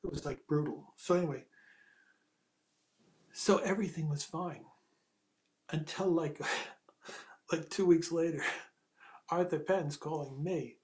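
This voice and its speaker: Middle-aged male screenwriter, slightly high voice, animated anecdote teller who acts out quotes and swears freely. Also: slow pace, pauses often. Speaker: screenwriter and ghostwriter telling his story.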